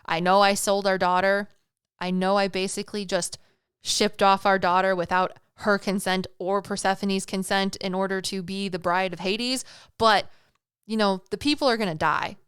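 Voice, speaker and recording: A woman's voice: mid-range voice, steady tone, moderate pace, fairly bright tone, smooth, dry recording, clean studio sound, natural voice. A woman voicing a laid-back male king of the gods who talks like a casual dude and shrugs off what he has done. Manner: slangy, offhand, excuses himself.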